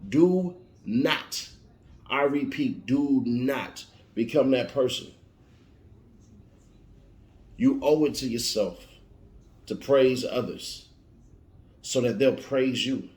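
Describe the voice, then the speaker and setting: A man's voice: medium pitch, slow pace, a little mellow. A man giving an emphatic motivational monologue, warning and repeating his points like a preacher. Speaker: motivational speaker. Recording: roomy echo.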